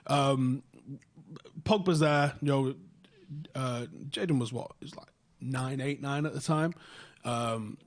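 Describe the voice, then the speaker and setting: A young man, telling a story in casual podcast chat, swearing freely and getting animated when excited. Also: medium pitch, takes it slowly. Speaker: podcast host.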